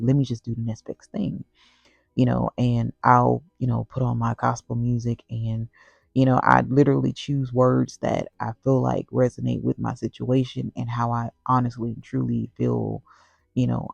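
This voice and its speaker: Gravelly-voiced woman telling a faith story. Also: very deep voice, darkish tone, dry recording, lo-fi sound. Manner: rambling, full of "you know" and "like" fillers; earnest and heartfelt. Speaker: vlogger sharing a personal story. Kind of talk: casual faith testimony.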